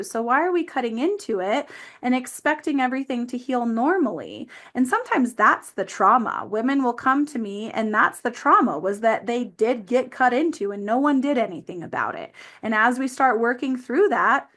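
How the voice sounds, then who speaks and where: A woman's voice: fairly high pitch, fairly bright tone. A woman physical therapist talking earnestly as a podcast guest, with frequent "um" and "like" fillers. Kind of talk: explanatory interview talk.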